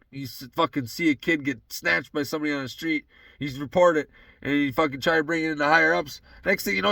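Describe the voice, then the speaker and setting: A young man talks alone from his truck, ranting loosely and swearing at every turn. His voice sits high and has a gravelly edge. The sound is dry and close, with no room echo. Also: pushed and bright. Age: young adult. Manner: profane, rambling, heated. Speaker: solo podcast host. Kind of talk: casual solo rant.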